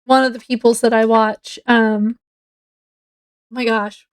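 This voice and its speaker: Chatty high-voiced woman. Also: level tone, unhurried. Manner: rambling, chatty, many fillers. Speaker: book vlogger. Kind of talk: casual chat to camera. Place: home, indoors.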